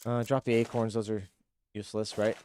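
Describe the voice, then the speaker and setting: A man streaming a game live, chatting with viewers and reacting excitedly as he plays. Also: on the low side, fairly quick, clear, resonant tone. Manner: chatty, reads chat, excitable. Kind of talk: live gameplay commentary.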